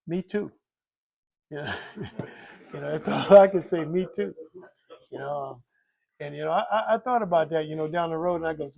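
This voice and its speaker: An older man telling the story of his recovery from alcohol in a rambling, candid way, repeating himself and filling pauses with "you know". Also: on the high side, creaky, darkish tone. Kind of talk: candid personal testimony.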